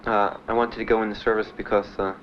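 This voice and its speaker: A man being interviewed about his time in the service, telling his story in a halting, plainspoken way with many fillers. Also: lowish voice, little pitch movement. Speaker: veteran interviewee. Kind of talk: documentary interview. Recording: dull archival recording with faint hiss.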